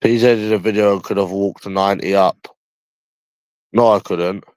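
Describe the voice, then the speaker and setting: A man's voice: on the low side, steady tone, moderate pace, a little mellow, dry recording. A young man from London chatting on a livestream, blunt and rambling with frequent swearing. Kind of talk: casual livestream chat.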